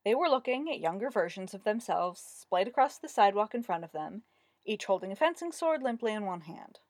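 A woman narrating a fantasy story with a lively, expressive delivery. Her voice rises and falls widely, recorded close and dry with no room sound. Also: medium pitch, a little fast, no room sound. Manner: expressive, lively read-aloud. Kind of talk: storybook reading.

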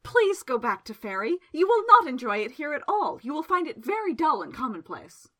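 A woman's voice: extremely high pitch, wildly swooping pitch, normal speed, fairly bright tone, pitched above the performer's own voice, full character voice. A woman voicing a fretful, fussy young male magician who protests precisely and indignantly. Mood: pleading.

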